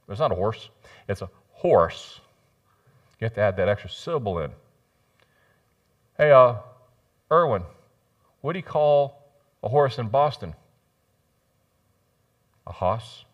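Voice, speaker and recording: A man preaching a sermon in a church, joking and swinging between loud bursts and quiet asides. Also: mid-range voice, lo-fi sound. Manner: animated, jokey preaching with sudden loud rises and soft drops. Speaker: pastor. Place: church sanctuary.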